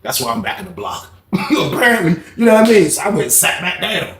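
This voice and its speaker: A man's voice: sits high, big pitch swings, fairly quick, fairly bright tone, echoey room, a little hiss or hum. A man casually telling a story from his time in jail, swearing freely and often asking "you know what I mean".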